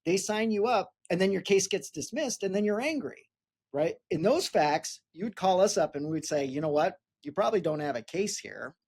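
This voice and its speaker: A man's voice: high voice, lively intonation, moderate pace, a little mellow, breathy edge. A man who is a personal injury attorney co-hosting a podcast, explaining legal points plainly and often tagging his sentences with "right?".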